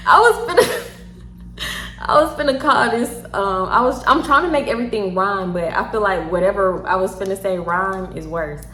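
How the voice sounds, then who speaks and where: A woman's voice: mid-range voice, moderate pace. A young woman with a Houston accent, a little tipsy, telling a story casually and acting out the quotes, with frequent laughs and swearing. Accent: Southern US, Houston. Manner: animated, laughs often, swears freely, acts out quotes. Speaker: storytime vlogger. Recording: echoey room.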